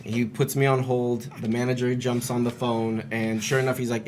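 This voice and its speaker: A man's voice: medium pitch, fairly even intonation, fairly quick, few pauses, a little hiss or hum. A man from Romania, a comedian, telling a story in a casual interview, laughing often. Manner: laughing storyteller, self-deprecating. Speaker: comedian guest.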